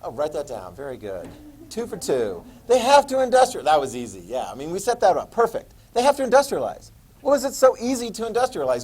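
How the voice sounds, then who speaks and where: A man teaching a history class, quizzing students with questions and joking asides in an animated lecture. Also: high-pitched, a little fast, breathy edge, poor audio.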